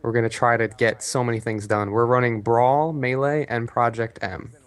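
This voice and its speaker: A man's voice: medium pitch, fairly even intonation, normal speed, clear, resonant tone. A man co-hosting a gaming talk show, giving details of an upcoming tournament. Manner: informative, promotional. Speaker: tournament organizer, co-host. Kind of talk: casual chat.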